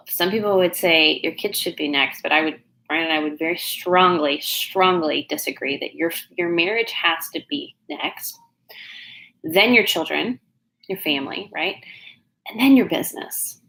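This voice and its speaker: A woman's voice: on the low side, a little slow, a bit bright, poor audio. A woman from Oklahoma with a Southern accent, a business coach chatting casually and bubbly on a livestream, rambling with fillers. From Oklahoma, USA. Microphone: no external mic plugged in.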